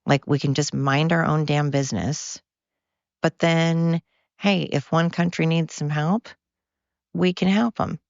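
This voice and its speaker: Gravelly, tired American podcast rambler. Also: mid-range voice, fairly even intonation, a little slow, no echo. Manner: rambling, profane, goes off on tangents. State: tired from overwork. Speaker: podcast host. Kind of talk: casual rambling monologue. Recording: dull lo-fi dry recording.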